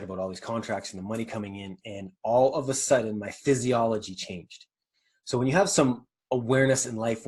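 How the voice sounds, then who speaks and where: A man's voice: medium pitch, breathy edge. A middle-aged man hosting a motivational podcast, talking in a candid, rambling way with swearing and self-corrections. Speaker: podcast host. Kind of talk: motivational monologue.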